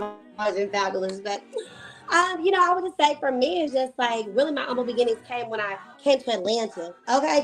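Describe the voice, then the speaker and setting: A woman with a Texan accent from Dallas, talking in a sassy, playful, animated way in a casual interview. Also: high-pitched, poor audio. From Dallas, Texas. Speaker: interviewee, media personality.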